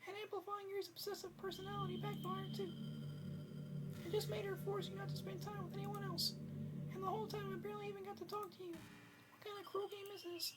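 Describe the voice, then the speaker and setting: A man voicing a self-aware, possessive and lonely teenage schoolgirl game character in a strained falsetto, reading the lines aloud. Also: little pitch movement, fairly quick, heavy background noise. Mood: confessional. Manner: reads the on-screen lines aloud in a put-on girl's voice. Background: loud game music.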